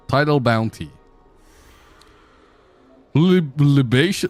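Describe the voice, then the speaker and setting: Streamer brief: a joking, irreverent man, lively pitch swings, faint music under the voice. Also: unhurried, pauses often. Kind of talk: casual game commentary.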